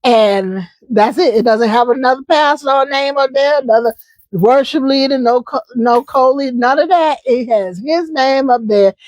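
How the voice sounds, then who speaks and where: A woman's voice: high-pitched, moderate pace, darkish tone, no echo. A woman hosting a casual live chat, talking in a chatty, emphatic way and often repeating herself. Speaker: host.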